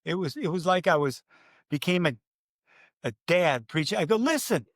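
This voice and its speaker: Animated older male announcer telling stories. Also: a little high, moderate pace, no room sound, studio quality. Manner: animated, acts out his own quotes loudly. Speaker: race announcer, guest. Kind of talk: storytelling in a podcast interview.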